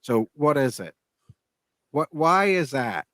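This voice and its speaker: Chatting loosely as a podcast co-host, the man, who is in his fifties, stumbles along with frequent restarts and filler words. His voice is a little high, sing-song and a bit bright, with no echo.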